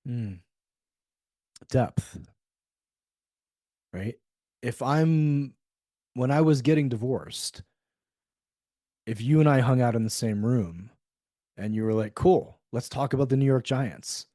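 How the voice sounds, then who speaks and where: A middle-aged man, a guest on a podcast, is interviewed conversationally and speaks openly, animating the dialogue he quotes. His mellow, mid-range voice is slow, with long pauses. The recording is dry and studio quality.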